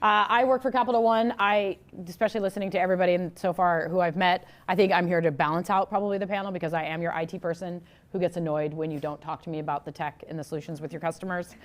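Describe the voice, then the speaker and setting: An older woman, a panelist on a conference stage, with a loud, outgoing and brisk way of talking. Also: lowish voice, steady tone. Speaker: panelist, IT executive. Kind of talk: panel discussion.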